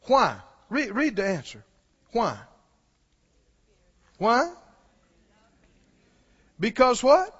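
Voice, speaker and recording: High-voiced preacher. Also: male voice, wildly swooping pitch, very slow, pauses often, fairly bright tone, breathy edge. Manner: urgent, questioning the congregation. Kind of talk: sermon. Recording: dull recording, long hall reverb.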